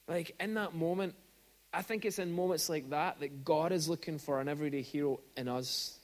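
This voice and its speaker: A man preaching a sermon in a church, conversational with frequent restarts and animated storytelling. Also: a little high, moderate pace. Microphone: microphone at pulpit.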